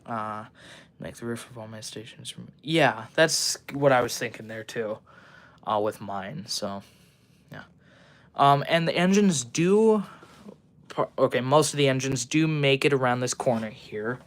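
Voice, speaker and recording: Showing off a model he built at his workbench, a young man rambles fast on his livestream with plenty of ums and restarts. The host's voice is expressive and medium in pitch.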